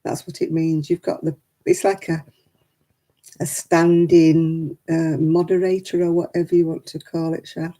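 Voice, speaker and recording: A woman's voice: low voice, level tone, a little slow, mellow. An older woman, hosting a casual live chat and telling stories with frequent laughter. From England. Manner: chatty storytelling, laughs often. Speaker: livestream host.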